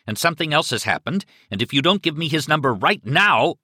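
A man's voice: medium pitch, sing-song, moderate pace, pushed and bright, no echo, clean studio sound, pitched above the performer's own voice. A male audiobook reader voicing a tense, panicked male novelist who pleads urgently on the phone. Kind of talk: audiobook character voice.

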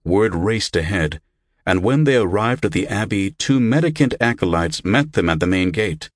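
A man narrating a story as an audiobook in an expressive storytelling manner. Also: on the low side, moderate pace, no echo, clean studio sound.

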